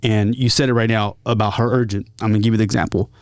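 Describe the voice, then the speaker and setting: A man's voice: on the low side, steady tone, quick pace, smooth, no echo, studio quality. A man from San Diego, a guest musician, telling stories in a casual interview with many fillers and restarts. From San Diego, California.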